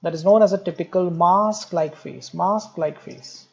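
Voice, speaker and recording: A man's voice: high-pitched, a little slow, gravelly, dull audio. A man giving a medical lecture, explaining step by step, repeating key terms and speaking directly to students with light jokes. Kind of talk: recorded exam-prep lecture.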